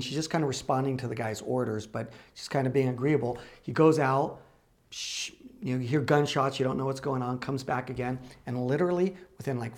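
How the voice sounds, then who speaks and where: A man hosting a conversation show, retelling a true story slowly and with emphasis. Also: medium pitch, darkish tone. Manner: slow, emphatic retelling with quoted dialogue. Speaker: podcast host.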